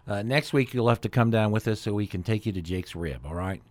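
A man's voice: on the low side, a little fast, dry recording. A man hosting a community radio talk show in an easygoing, casual way. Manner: easygoing, with fillers and restarts.

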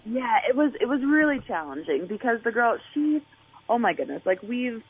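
A woman's voice: a little high, big pitch swings, normal speed, slightly rough, no echo. A woman Olympic athlete talking in a chatty way, full of fillers and restarts, during a phone interview. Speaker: Olympic track and field athlete. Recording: tinny phone line.

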